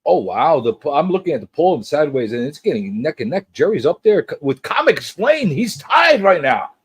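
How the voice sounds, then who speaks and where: A man hosting a casual pop culture livestream, teasing his guest and chatting in an animated way. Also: brisk, slightly rough, no echo. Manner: animated and teasing, jumps between high and low.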